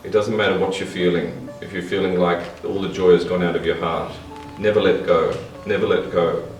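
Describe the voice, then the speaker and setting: Deep-voiced man giving earnest advice. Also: fairly even intonation, brisk, soft background music. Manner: earnest, repeating key points. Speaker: interviewee. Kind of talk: reflective advice. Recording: echoey, distant mic.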